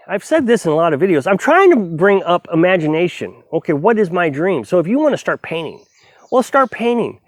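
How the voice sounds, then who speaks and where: Man in his fifties, vlogger, lively high voice, dry close sound, preachy pep-talk delivery. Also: no room sound. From United States. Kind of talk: casual talk to camera.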